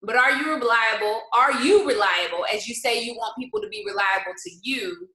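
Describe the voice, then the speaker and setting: At home indoors, a motivational host runs a casual live-stream pep talk, firing off rhetorical questions and blending faith-based encouragement with colloquial asides and frequent laughter. Her voice is a little high, animated, pushed and bright, and a little fast. The audio is roomy and poor.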